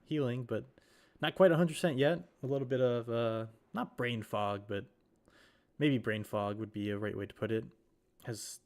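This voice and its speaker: A man on a live stream calls a sim race while still getting over a cold. He rambles casually, corrects himself often and fills his pauses with lots of "uh" and "um". His voice sits at an ordinary middle pitch. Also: a little mellow. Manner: rambling, self-correcting, with many fillers. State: recovering from a cold. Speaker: sim racing commentator.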